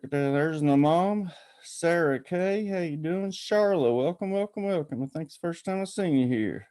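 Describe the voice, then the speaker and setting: A man hosts a casual call-in show with a mellow, relaxed tone and an easy, rambling flow. His voice sounds close and dry, with no room echo. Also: on the high side, moderate pace. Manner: folksy, rambling, greets viewers by name. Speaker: podcast host. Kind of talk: casual live-stream chat.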